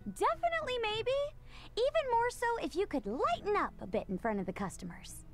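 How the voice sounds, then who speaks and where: A woman's voice: very high-pitched, wildly swooping pitch, a little fast, faint music behind, heavily acted. A woman voicing a bubbly, sweet teenage village girl in a video game, gushing and playfully teasing. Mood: cheerful. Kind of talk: game voice acting.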